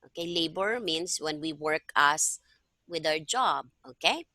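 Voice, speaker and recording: A woman's voice: sits low, lively intonation, unhurried, pushed and bright, dry recording. A woman teaching a one-on-one lesson over a video call, patiently explaining and often checking that her student understands. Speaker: language tutor. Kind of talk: one-on-one online tutoring.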